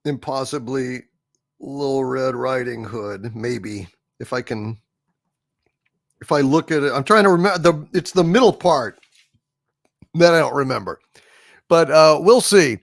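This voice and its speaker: A man's voice: fairly high pitch, lively intonation, unhurried, gravelly, dry recording, studio quality. A man hosting a casual livestream, rambling with many fillers as he hails viewers and reads their messages. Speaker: livestream host.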